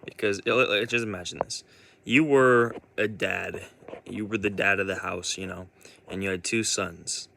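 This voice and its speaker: A man's voice: on the low side, fairly even intonation, moderate pace, gravelly, bright, forceful tone, a little hiss or hum. A man giving a casual spoken monologue as a vlogger, rambling with many restarts.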